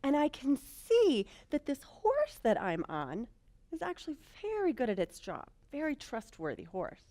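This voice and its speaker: A woman telling a personal story in a talk, animated and self-mocking, swinging between hushed lines and loud bursts. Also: sits high, unhurried. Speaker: speaker.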